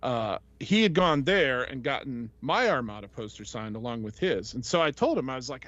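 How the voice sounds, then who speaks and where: A man's voice: mid-range voice, expressive, normal speed, hardly any pauses, fairly bright tone, no room sound. A man hosting a podcast, telling a casual, rambling story full of fillers and voices he quotes. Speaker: podcast host. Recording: dull lo-fi, dry sound.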